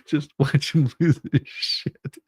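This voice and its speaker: A man hosts a casual livestream in a slow, low, gravelly voice, greeting viewers and chuckling as he talks. His tone is husky, and he often repeats words as he restarts. The sound is dry and close. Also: little pitch movement, a little mellow, no room sound. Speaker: livestream host reading chat.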